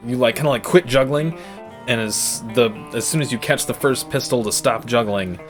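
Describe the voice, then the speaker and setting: A man's voice: medium pitch, moderate pace, music in the background. Laughing man running a tabletop game. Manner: loose and laughing, many fillers. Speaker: game master. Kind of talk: casual game narration.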